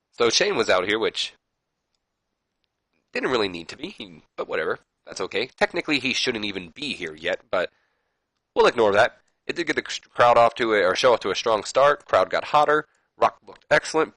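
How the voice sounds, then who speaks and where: A man's voice: fairly low pitch, sharp tone, no echo, rough recording. A young man casually commenting on his wrestling sim playthrough in a rambling, self-deprecating way. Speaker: gaming video host.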